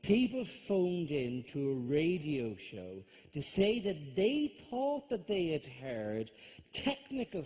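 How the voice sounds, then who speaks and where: A stand-up comedian with an Irish accent, talking in a slightly raised pitch. He tells his stories as a sardonic rant, building to angry punchlines on a theatre stage. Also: a little mellow. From Ireland. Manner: sardonic, ranting storyteller. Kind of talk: stand-up routine.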